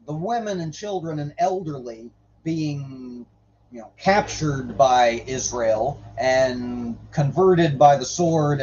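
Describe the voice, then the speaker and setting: A man hosting a stream who swears freely while joking about scripture, then reads the old verses slowly and deliberately. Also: mid-range voice, mellow, muffled recording. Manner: irreverent, swears freely, jokes between readings. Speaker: host reading the Bible on a livestream. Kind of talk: casual commentary and scripture reading.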